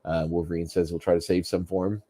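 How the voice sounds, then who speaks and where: A man's voice: sits low, little pitch movement, quick pace, warm tone. A man co-hosting a casual podcast, recapping a cartoon episode in a chatty way and laughing often. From Canada. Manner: chatty, laughs often, slips into jokey voices. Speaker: podcast co-host.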